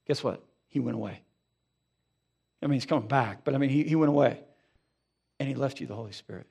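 Animated male pastor preaching. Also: medium pitch, quick pace, gravelly, long pauses, husky. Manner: animated, conversational preaching with frequent asides. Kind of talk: sermon. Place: church sanctuary.

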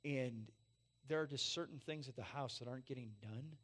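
A pastor in his forties preaching a sermon, telling a self-mocking personal story with loud peaks and soft, emotional drops. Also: mid-range voice, normal speed.

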